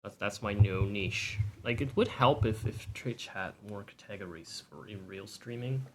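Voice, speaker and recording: A male streamer in quiet, casual chat, rambling and softly mocking himself with light laughs. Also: lowish voice, normal speed, a little hiss or hum.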